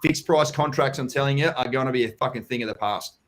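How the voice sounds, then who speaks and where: With background noise behind him, an Australian man with a medium-pitched voice hosts a live property Q&A at a quick pace. It's a casual live-stream chat where he's blunt, swears a lot, and calls folks mate and buddy.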